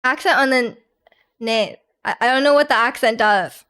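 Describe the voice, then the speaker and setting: A woman's voice: a little high, moderate pace, a bit bright, clear, resonant tone. A young woman streaming live, chatting casually with viewers, giggling and restarting her sentences often. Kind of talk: casual chat reading viewer comments.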